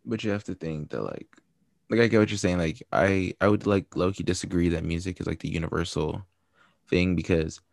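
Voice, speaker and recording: A man's voice: low-pitched, fairly quick, vocal fry, no echo, clean studio sound. A man co-hosting a podcast, giving frank, supportive advice in casual chat full of fillers. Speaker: podcast co-host.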